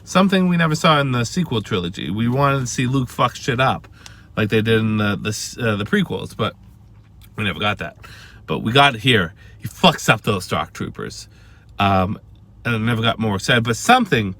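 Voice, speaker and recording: A man with a wife and family talking casually about a show he loves, swearing and tripping over restarts as he gets excited. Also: fairly low pitch. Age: adult with a wife and family. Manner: swearing, emphatic, stammering restarts. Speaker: vlogger. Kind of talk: casual excited fan rant.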